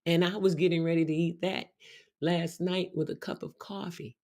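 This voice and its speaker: A woman's voice: fairly low pitch, steady tone, normal speed, darkish tone. A middle-aged woman hosting her show, telling a story in a casual, exuberant way full of exclamations. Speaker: show host.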